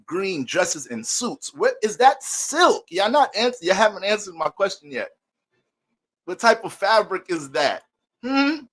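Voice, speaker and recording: High-voiced man bantering like a preacher. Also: a bit bright. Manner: playful mock-preacher banter with viewers. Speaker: astrology livestream host. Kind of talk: casual livestream chat greeting viewers.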